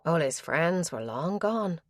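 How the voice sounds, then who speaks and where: A woman narrating a mystery audiobook in a measured, even way. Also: on the low side, no room sound, studio quality.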